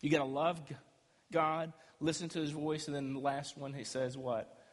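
A man's voice: on the high side, little pitch movement, moderate pace. Preaching man in a reverberant hall. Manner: emphatic preaching, rising and dropping loudness. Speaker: pastor. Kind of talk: sermon. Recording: echoey hall with long reverb.

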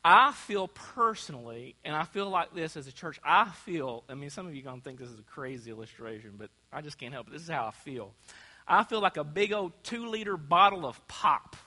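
A man's voice: a little high, lively intonation, moderate pace, bright, forceful tone. A man preaching a sermon in a church, asking the congregation to call out answers. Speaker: pastor. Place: church sanctuary. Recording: long church hall reverb.

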